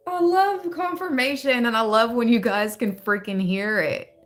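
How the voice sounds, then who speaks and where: A woman's voice: on the high side, a little slow. A woman giving a tarot reading in a casual, chatty way, easily distracted and often exclaiming aloud. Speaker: tarot reader. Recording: echoey room.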